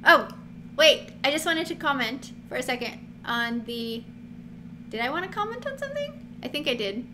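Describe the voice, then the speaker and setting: Brief: woman Bible teacher with a high voice, lively and chatty, noisy recording. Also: moderate pace. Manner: chatty, animated, laughs often, acts out quotes. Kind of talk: casual Bible teaching to camera. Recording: noticeable background noise.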